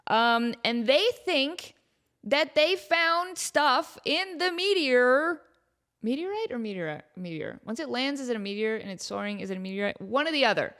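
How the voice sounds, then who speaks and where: A woman's voice: high voice, animated, normal speed, fairly bright tone. A woman hosting her own podcast, chatting casually in a playful, self-mocking way with rambling asides. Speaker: podcast host. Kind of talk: casual solo chat.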